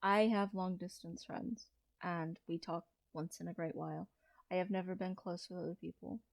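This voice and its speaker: A trans man in his thirties, talking through a personal confessional vlog in a low-key, hesitant way with frequent restarts. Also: fairly even intonation, normal speed, vocal fry, dry recording. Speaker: vlogger.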